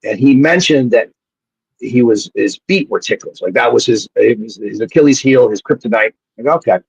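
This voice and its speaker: A man, a former pro wrestler appearing as a guest, telling animated and profane stories in a casual way, often restarting his sentences. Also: medium pitch, normal speed, vocal fry, slightly rough, no room sound. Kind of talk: casual storytelling on a live show. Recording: dull lo-fi sound.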